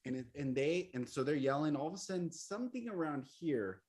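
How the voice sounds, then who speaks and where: A man's voice: fairly high pitch, lively intonation, fairly quick, a little mellow, slightly rough. A man who leads men's retreats, speaking earnestly and emphatically in an interview, now and then laughing as he explains. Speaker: coach and retreat leader. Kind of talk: interview conversation.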